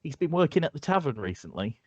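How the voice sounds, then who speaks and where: A man voicing a friendly, chatty woman who drives a cart, pitching his voice up for her. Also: very animated, fast, darkish tone, no room sound, highs cut off. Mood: friendly, curious. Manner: raised pitch for a female voice.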